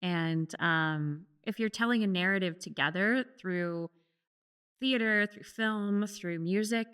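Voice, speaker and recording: A woman hosting a podcast, speaking in a relaxed, hesitant way with frequent ums. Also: medium pitch, takes it slowly, smooth. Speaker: podcast host, actress. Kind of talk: casual conversation.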